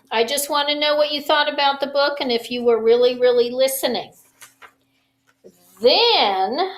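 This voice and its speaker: A woman teacher at home, giving a slow, patient lesson to young children over a phone camera and stretching out each phonics sound. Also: high-pitched, fairly bright tone, rough recording.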